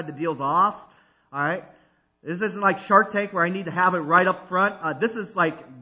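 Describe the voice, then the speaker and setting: A man preaching a sermon as pastor, calling for responses from the congregation and swinging between loud and hushed delivery. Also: high voice, breathy edge, dull audio.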